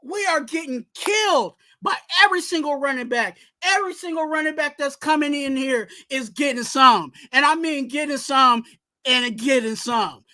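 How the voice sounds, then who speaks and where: A man hosting a fan sports talk stream, ranting in a casual, animated way and repeating his catchphrase. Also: moderate pace. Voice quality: high voice. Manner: animated, talks straight to the coach, repeats catchphrases.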